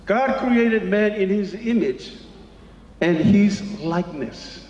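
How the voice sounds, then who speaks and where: A man preaching a bilingual sermon at an evening church service, emphatic and slow on key phrases. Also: high-pitched, a little mellow, muffled recording. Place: large church hall. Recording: echoey hall with long reverb.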